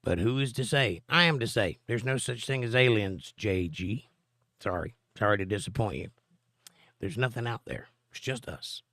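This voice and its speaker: A man's voice: lowish voice, expressive, moderate pace, fairly bright tone, dry recording, clean studio sound. A middle-aged man, hosting a live stream and reading viewer comments aloud with a joking, chatty manner. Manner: joking, chatty, answers chat directly.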